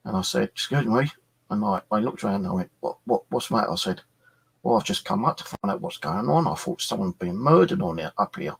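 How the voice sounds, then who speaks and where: Gravelly man telling a neighbor story. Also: lowish voice, fast. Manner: animated, swears, acts out quoted exchanges. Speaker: channel host. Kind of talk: casual storytelling chat. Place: flat.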